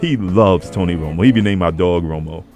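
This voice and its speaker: A man hosting a radio show in casual chat, an animated storyteller who acts out voices in his anecdotes. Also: sits low, quick pace, over music.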